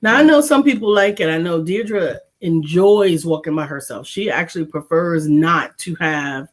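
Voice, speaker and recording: A woman's voice: on the low side, normal speed. A woman co-hosting a casual livestream talk show. She chats in an upbeat way and greets viewers by name. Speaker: co-host.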